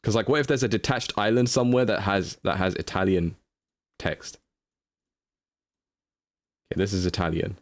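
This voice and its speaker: A man's voice: fairly low pitch, steady tone, moderate pace, pauses often, no room sound, studio quality. A young man streaming live, chatting casually as he thinks aloud through a guessing game and answers his chat.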